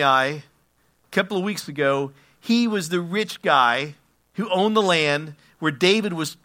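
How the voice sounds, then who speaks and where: Male pastor, verse-by-verse sermon, bright forceful tone, lively storyteller. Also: sits high. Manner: animated storytelling with acted-out quotes; asides and self-corrections while reading scripture.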